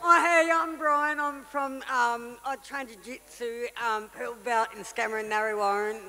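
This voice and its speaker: A man chimes in from the audience, friendly and hesitant, with a teasing edge. His voice is very high, bright and gravelly. The sound echoes through a long hall. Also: steady tone, a little slow. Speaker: audience member.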